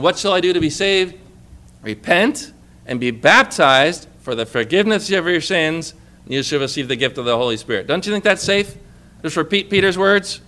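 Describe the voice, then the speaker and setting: A man's voice: sits high, fairly bright tone. A man preaching a sermon in a conversational way, often asking his listeners questions and pressing on key words. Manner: conversational, asks the congregation questions.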